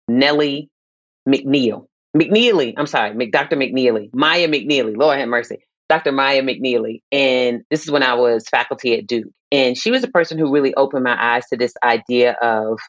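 A woman's voice: a bass voice, dry recording. Passionate woman on a dull, dry mic. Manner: passionate, emphatic, preacherly rises. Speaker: guest psychologist. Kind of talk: heartfelt podcast conversation.

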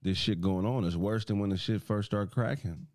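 A man's voice: lowish voice, normal speed, a little mellow, no room sound, clean studio sound. A young man hosting a podcast in brash, teasing casual banter, steering the talk between segments. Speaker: podcast host.

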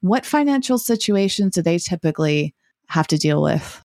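A woman's voice: lowish voice, expressive, normal speed, a little mellow, dry recording, studio quality. A woman hosting an interview, asking thoughtful, reflective questions. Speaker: podcast host.

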